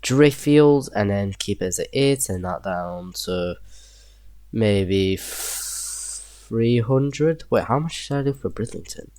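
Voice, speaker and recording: A man's voice: fairly low pitch, darkish tone, no room sound. A young man with a Yorkshire accent, casually thinking aloud while building a train map in a game, chuckling to himself now and then. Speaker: gameplay video creator. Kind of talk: casual gameplay commentary.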